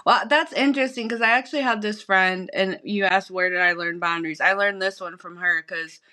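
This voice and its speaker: A woman's voice: medium pitch, steady tone, brisk, bright, forceful tone. A woman co-hosting a casual podcast, frank and candid, swearing casually and laughing easily. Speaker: podcast co-host. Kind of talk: casual conversational podcast chat.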